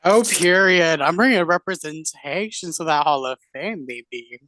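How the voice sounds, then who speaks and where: A woman with a notably low voice gushes with excitement, full of giggles and exclamations. Her voice is close and dry, with no room sound. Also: normal speed, dry recording. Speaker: game winner. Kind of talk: casual chat.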